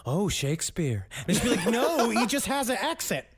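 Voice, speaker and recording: An American man co-hosting a podcast, joking and ranting in an animated way. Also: extremely high pitch, brisk, a loud crowd. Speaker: podcast co-host. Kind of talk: casual podcast chat.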